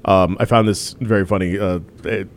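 A man's voice: lowish voice, fairly even intonation, moderate pace, a little hiss or hum. A man hosting a casual chat show, talking loosely with restarts and laughter. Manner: chatty, stumbles and restarts, laughs often. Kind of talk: casual chat about wrestling.

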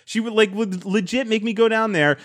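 A man's voice: high-pitched, brisk, no echo, clean studio sound. A man hosting a casual chat, telling stories with mock outrage and plenty of swearing, saying he just woke up. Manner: profane, animated storytelling, mock outrage. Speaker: podcast host.

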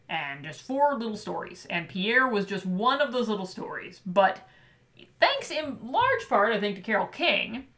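Bright-voiced, chatty woman co-host. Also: mid-range voice. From Michigan. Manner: chatty, animated, laughs often. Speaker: podcast co-host. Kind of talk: casual chat about a picture book.

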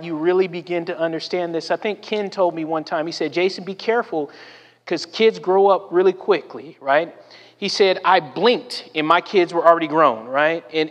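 A man's voice: high voice, highs cut off. A man in his forties from Southern California, a pastor preaching a sermon. He tells personal stories, keeps asking "right?" and acts out the people he quotes. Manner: storytelling with frequent "right?" asides and acted-out quotes. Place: church sanctuary. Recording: long hall reverb.

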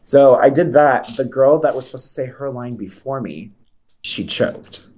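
A man's voice: medium pitch, moderate pace, a little mellow, slight background noise. A young man co-hosting a podcast in casual chat, rambling with many fillers and restarts. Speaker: podcast co-host.

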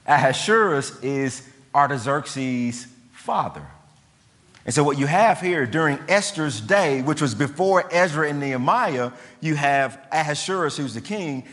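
Animated preacher retelling scripture in slang. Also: male voice, on the high side, unhurried. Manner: animated, colloquial storytelling with slang. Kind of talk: sermon. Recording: long hall reverb.

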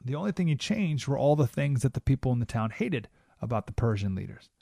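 A man hosting a talk radio show, delivering an animated monologue and acting out quoted voices with sudden jumps in pitch. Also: fast talker, creaky, dry recording, clean studio sound.

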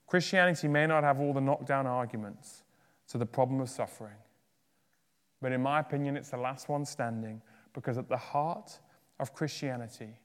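Impassioned male preacher in a reverberant hall. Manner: dynamic, swinging from loud emphatic peaks to hushed low endings. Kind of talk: sermon. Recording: long reverb of a large hall.

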